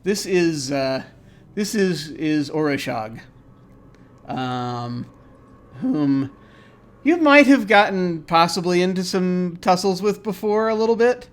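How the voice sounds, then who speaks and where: A man's voice: high voice, expressive, slow pace. Rambling man running a tabletop game. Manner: rambling, with many fillers and laughs. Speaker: game master.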